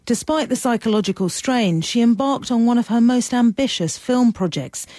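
A woman giving scripted documentary narration in a measured, even manner. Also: on the high side, no echo, clean studio sound.

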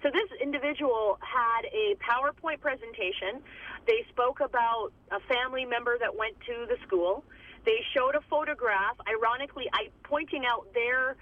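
Heard over a tinny phone line, a woman with a slightly high voice and moderate pace speaks emphatically in a recorded interview, restarting her sentences often. She's a community advocate being interviewed.

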